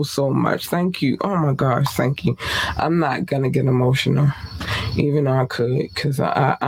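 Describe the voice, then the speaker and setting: Husky-voiced man hosting a podcast. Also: mid-range voice. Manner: playful, animated, swears casually, sing-song repeats. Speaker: podcast host. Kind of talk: casual podcast sign-off talk.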